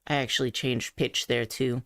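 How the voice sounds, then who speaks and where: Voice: mid-range voice, flat delivery, normal speed, fairly bright tone, no echo. A vlogger talking through voice training practice in a thoughtful, self-critical way, explaining each step. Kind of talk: casual voice training vlog.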